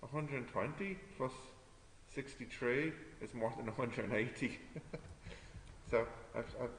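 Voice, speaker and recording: A man's voice: medium pitch, moderate pace, a bit bright. A man teaching a physics tutorial, thinking aloud as he works through problems, checking in with students and correcting himself. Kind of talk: live classroom tutorial. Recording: echoey room with long reverb, faint background hum.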